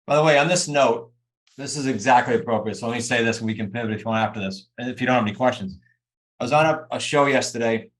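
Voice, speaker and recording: A man's voice: mid-range voice, fast talker. A man coaching a group over a video call, talking emphatically and straight to his students. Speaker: real estate coach.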